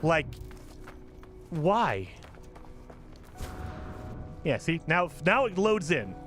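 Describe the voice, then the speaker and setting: A man giving casual gameplay commentary as a channel host, talking in an animated, exasperated rant. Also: a little high, drawn-out words, soft background music.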